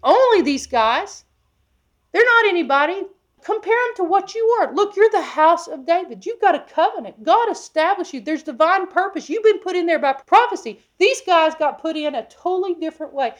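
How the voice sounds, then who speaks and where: A woman preacher with a high voice delivers an expository Bible sermon. She is emphatic and keeps asking her listeners questions. Her delivery moves between loud, pressing stretches and quiet, hushed asides. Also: expressive, normal speed.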